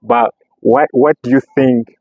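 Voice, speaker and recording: A man's voice: medium pitch, steady tone, a little slow. A man hosting a podcast in casual chat, talking eagerly and backing up his guest with frequent listening sounds. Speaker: podcast host. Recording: slightly muffled, dry.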